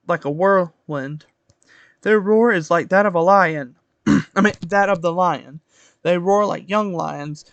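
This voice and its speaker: A man with a high voice reads scripture aloud on his stream, tripping over words and starting them again as he goes. The sound is dry and close, with no room around it. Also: a bit bright, smooth, dry recording. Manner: reads aloud with stumbles and self-corrections. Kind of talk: casual Bible reading on stream.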